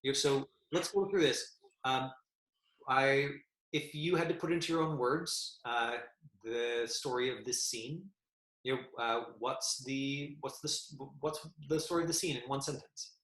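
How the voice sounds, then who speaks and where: A man coaching an acting class at a middle pitch, his talk broken by fillers and false starts. His voice rings in a roomy echo. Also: a bit bright. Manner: halting, full of fillers and restarts. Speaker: acting teacher.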